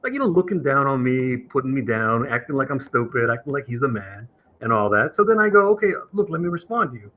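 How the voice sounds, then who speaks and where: An aggrieved man argues on a live stream, lecturing and indignant. His pitch swings widely and his voice is a little husky. The audio is dull and lo-fi. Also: animated, a little fast. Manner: aggrieved, lecturing, imitates others in higher voice. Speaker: caller on a streamed talk show. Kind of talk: heated debate on a live stream.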